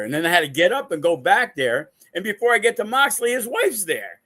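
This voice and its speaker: A man's voice: sits high, fairly quick, hardly any pauses. A man hosting a podcast as a wrestling promoter, telling stories casually and acting out the quotes. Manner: animated, acts out quotes. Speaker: wrestling promoter and show host. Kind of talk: casual storytelling.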